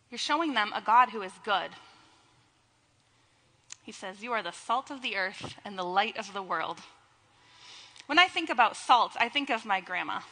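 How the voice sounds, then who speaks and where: In a church sanctuary with a long, echoing reverb, a young woman gives a sermon as pastor. Her voice is a little high with a sharp tone, and she teases her congregation with playful asides.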